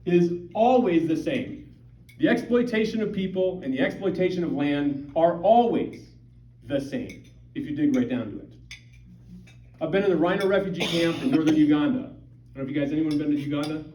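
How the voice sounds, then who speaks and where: A man's voice: a little high, a little fast, dark tone. A middle-aged man from Montana giving a conversational, emphatic public talk to a parish audience, full of rhetorical questions. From Montana, USA. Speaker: guest speaker at a parish. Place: parish hall or church. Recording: dull, roomy, distant hall recording.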